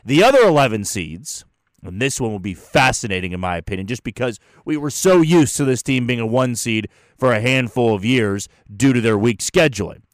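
A man's voice: mid-range voice, expressive, brisk, no echo, studio quality. A man hosting a solo sports show, breaking down a tournament bracket in an opinionated, chatty way. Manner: opinionated, chatty, restarts and fillers. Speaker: sports podcast host.

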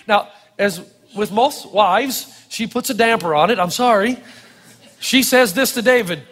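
A man preaching a sermon, animated and playful, acting out quotes as he goes. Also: extremely high pitch, moderate pace, big-room sound. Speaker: pastor. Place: church hall with audience.

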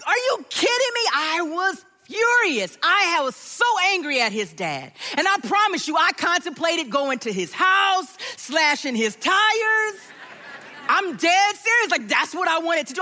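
A middle-aged woman preaching a sermon with a personal story, telling it in an animated way and acting out the voices of the people in it. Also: very high-pitched. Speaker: pastor.

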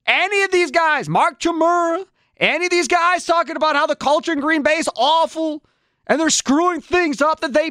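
A man's voice: very high voice, sharp tone, no room sound, clean studio sound. A man hosting a sports talk radio show, ranting in a fired-up way and firing off repeated rhetorical questions.

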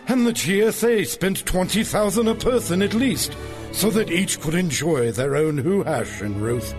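A man performing a mock-grand storybook narrator, reciting rhymes in a sing-song delivery over a music bed. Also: a little high. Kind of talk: rhyming holiday parody narration.

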